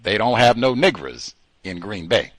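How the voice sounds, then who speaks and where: A male host giving an animated, mocking commentary monologue, slipping into put-on voices. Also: lowish voice, moderate pace, dry recording.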